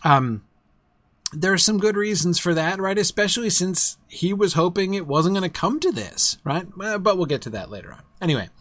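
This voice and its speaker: A man's voice: high voice, expressive, normal speed, a bit bright, no echo. A man hosting a casual livestream book discussion, rambling with restarts and speaking with enthusiasm.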